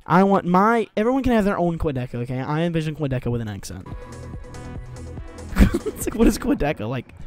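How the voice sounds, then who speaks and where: A man's voice: fairly high pitch, a little fast. A young man hosting a music reaction video, chatting casually and rambling with lots of swearing and jokes. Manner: rambling, profane, jokey, animated.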